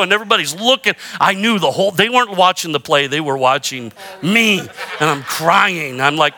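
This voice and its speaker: A middle-aged male pastor preaching with a high, bright, ringing voice. He drives his points home with repetition and calls for amens. He lightens the sermon with self-deprecating humor. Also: expressive, brisk. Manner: emphatic preaching with call-and-response prompts.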